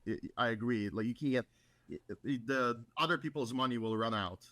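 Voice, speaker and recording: A man speaking as a guest in a casual chat, talking in a measured, halting way and repeating words as he thinks. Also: medium pitch, fairly bright tone, dry recording.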